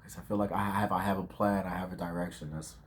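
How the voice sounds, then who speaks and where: A man's voice: low voice, steady tone, fast talker, a little hiss or hum. A man of twenty in a casual, reflective vlog monologue, full of slang and fillers, talking outdoors at dusk. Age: 20s. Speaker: vlogger.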